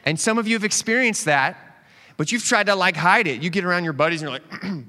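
A man preaching a casual, conversational sermon as a pastor, animated and quick to joke with the congregation. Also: high voice. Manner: animated, joking asides to the congregation. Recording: long hall reverb.

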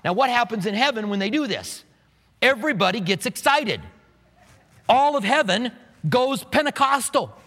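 A man preaching a sermon in an animated way, acting out the scenes he describes. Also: extremely high pitch, normal speed, long reverb tail. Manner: animated, acts out scenes with quoted voices. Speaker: pastor.

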